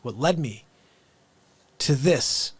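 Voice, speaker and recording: Excitable man hosting a livestream. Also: medium pitch, slow, slightly rough, dry recording. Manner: excitable, upbeat, swings between loud bursts and quiet asides; talks straight to the viewers. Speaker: livestream host. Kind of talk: casual live-stream chat.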